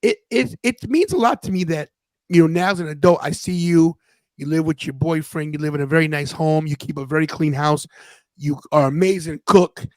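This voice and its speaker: A man's voice: on the high side, fairly quick, no room sound, low-quality recording. A man in his fifties hosting a podcast, telling a personal story in an earnest, casual way and often restarting his sentences. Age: 50s. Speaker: podcast host.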